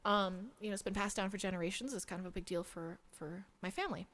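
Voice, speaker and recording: A woman doing a smooth frog man. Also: medium pitch, fast talker, a bit bright, lightly acted. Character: smooth-talking frog man seeking a loan.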